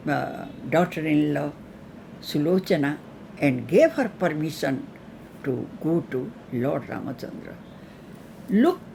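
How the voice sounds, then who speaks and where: A woman tells a mythological tale slowly and earnestly, pausing often as she goes. Her pitch moves in a lively, sing-song way, with a faint hiss of noise behind her. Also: gravelly. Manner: slow, halting, earnest retelling. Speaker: storyteller. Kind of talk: told mythological story.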